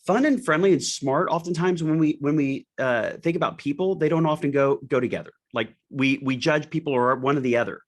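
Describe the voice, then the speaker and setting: A man hosting an interview, thinking aloud as he builds up a long question piece by piece, his pitch jumping up on the key words. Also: a little fast, few pauses. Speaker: podcast host. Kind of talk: conversational interview.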